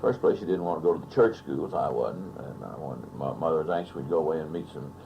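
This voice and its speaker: Gravelly older Texan storyteller. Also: male voice, rumbling low, animated, fast talker, dull audio. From Texas. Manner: anecdotal, chuckling raconteur. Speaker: oral history interviewee. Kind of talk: storytelling interview. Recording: archival audio with faint hiss.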